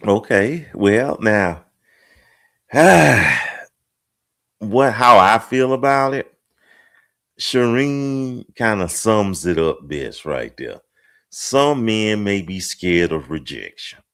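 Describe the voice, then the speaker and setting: A middle-aged man leads a relaxed group talk in a low, slow voice. His pitch rises and falls a lot as he hesitates, laughs at himself and teases the guests. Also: clean tone. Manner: hesitant, self-mocking, playful. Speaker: talk show host. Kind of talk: casual group discussion.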